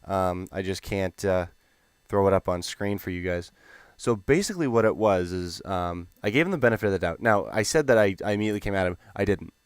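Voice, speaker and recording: A young man telling a gaming story in a rambling, animated, profane way. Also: sits low, fairly quick, smooth, no echo. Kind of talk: casual storytelling.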